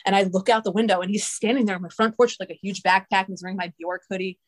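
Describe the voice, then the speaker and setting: A woman's voice: mid-range voice, steady tone, racing. Young woman, podcast guest, casual storytelling, profane, lots of fillers. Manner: profane, filler-heavy, rambling.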